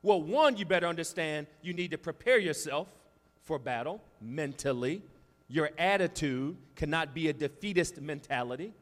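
A male pastor delivers a sermon in a fairly high voice. He builds to shouted climaxes, then drops to quiet, confiding asides. The voice rings out with the long reverb of a large hall. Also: animated, normal speed. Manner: preaching with rising shouts and sudden quiet asides.

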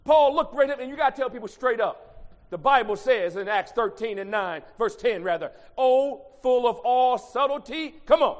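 A male pastor preaching a sermon, swinging from quiet asides to loud shouted lines. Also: sits high, fairly quick. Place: church sanctuary. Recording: long church reverb.

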